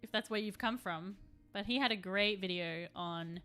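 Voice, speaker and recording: On a live stream, a woman with a bright, clear, medium-pitched voice chats at a moderate pace, rambling and replying to her chat as she paints. Soft music plays faintly in the background.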